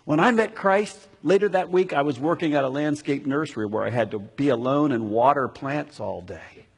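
A pastor preaches a sermon in a church sanctuary, repeatedly asking the congregation questions. His voice is fairly high with a breathy edge, at a normal speed, and the recording carries the long reverb of a large hall.

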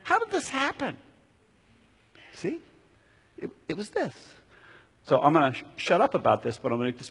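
A man's voice: mid-range voice, husky. A man preaching a sermon as a pastor who keeps asking the congregation questions, recorded in a church sanctuary. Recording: long reverb of a large hall.

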